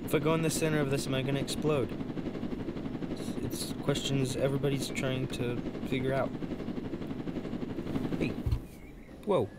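A man's voice: mid-range voice, fairly even intonation, moderate pace, pauses often. A man in casual gameplay commentary, chatty and rambling, laughing often at home. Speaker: gaming channel host. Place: indoors at home, bunk bed. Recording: loud background noise.

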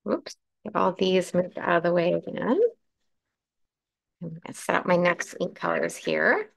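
A woman hosting a live crafting demo, chatting through each step and answering viewer comments, with a croaky morning voice. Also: lowish voice, measured pace. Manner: chatty, explains steps while working, answers comments. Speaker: craft livestream host.

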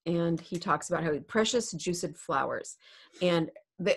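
A woman's voice: fairly low pitch, animated, a little slow, vocal fry, slightly rough. Chatty woman teacher explaining a play. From United States. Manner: chatty and explanatory, laughs easily. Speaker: English teacher. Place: home room. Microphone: desk mic.

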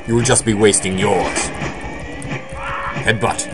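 A young man commentating on his own gameplay, joking, swearing and bursting into excited shouts. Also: on the low side, unhurried, long pauses, soft background music. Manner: excitable, swearing, jokey outbursts. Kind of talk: let's play commentary.

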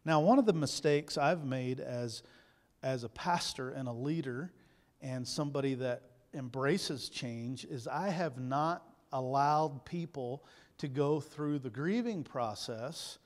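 A man preaching a sermon as pastor, lively, acting out people's doubts in quoted voices. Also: mid-range voice, takes it slowly, long reverb tail. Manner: animated, acts out inner doubts in quoted voices. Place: church sanctuary.

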